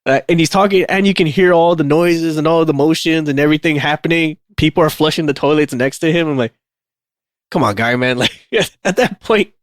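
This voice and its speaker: A man co-hosting a podcast, telling stories in casual chat, animated, laughing often and swearing freely. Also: a little high, a little fast, no echo, clean studio sound. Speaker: podcast co-host.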